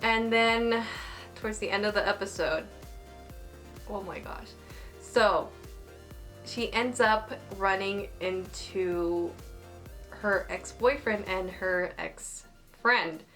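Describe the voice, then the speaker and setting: A woman's voice: mid-range voice, slow, long pauses, faint music behind. Gushing young woman reviewing an anime. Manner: gushing, excitable, heavy use of "like". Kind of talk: casual excited episode review.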